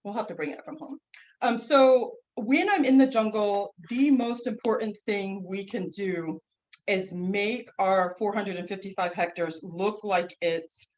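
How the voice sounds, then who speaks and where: A woman teaching a class, telling a story in a lively, rambling way, full of restarts and "like", standing away from the microphone. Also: mid-range voice, poor audio. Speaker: herbal instructor and guest speaker. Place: classroom, speaking away from the mic.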